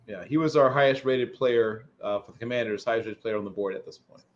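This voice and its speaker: A man chatting on a mock draft show, talkative and quick to laugh. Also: medium pitch, muffled recording. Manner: chatty, laughs easily, lots of fillers. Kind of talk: casual chat.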